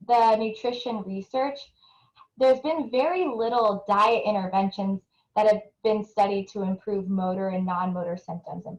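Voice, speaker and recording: Earnest and explanatory, a young nutrition researcher presents a webinar and polls her audience, regularly restarting what she's saying. Her voice is on the high side with a darkish tone, heard through a reverberant, low-quality recording.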